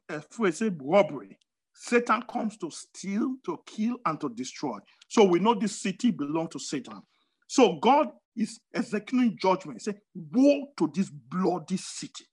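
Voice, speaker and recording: Giving a sermon, a preacher leans on emphatic repetition of words and phrases, with abrupt shifts in how high and loud he speaks.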